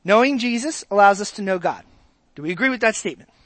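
A man's voice: sits high, lively intonation, quick pace, a bit bright, no room sound. A man preaching a sermon as pastor, talking to the congregation conversationally, asking rhetorical questions and repeating his words.

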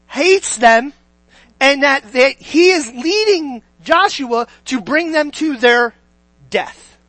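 A preacher giving a sermon, questioning the listeners and swinging from loud to near-hushed. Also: medium pitch, dry recording, poor audio. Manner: asks the listeners many questions, sweeping between loud and quiet.

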